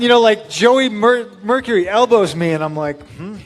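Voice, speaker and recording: A man casually telling a story in an interview, animated, acting out what people said with a raised voice. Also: a little high, brisk, hardly any pauses, faint music behind. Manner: animated, acts out quotes with raised voice.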